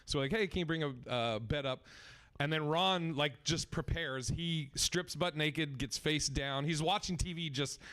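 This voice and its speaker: A man with a slightly higher voice tells a rowdy story on a live comedy podcast. He throws himself into it, acting out quotes and shouting lines as he laughs through the telling. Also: moderate pace. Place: festival stage with live audience.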